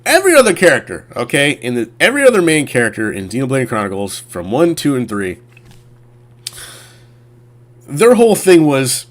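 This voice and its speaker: A man's voice: mid-range voice, very animated, a little fast. A man who streams games, chatting casually on camera and rambling with many fillers and restarts. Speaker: gaming streamer. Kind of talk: casual chat.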